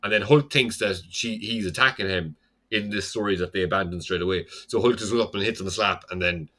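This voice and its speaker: Pushed and bright, on the low side and a little fast, this young adult man's voice carries a rambling podcast recap. He's a slightly tipsy co-host, chatting casually with plenty of "like" and some curse words.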